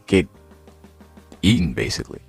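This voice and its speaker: A man voicing a male ninja leader thinking to himself in a low, mumbled voice. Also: big pitch swings, moderate pace, creaky, breathy edge, soft background music, exaggerated voice. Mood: musing.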